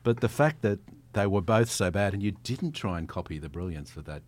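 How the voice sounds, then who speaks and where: An Australian man acting as guest judge on a chatty podcast, teasing the hosts in a dry way. His voice sits fairly low. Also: animated, brisk. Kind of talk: casual banter.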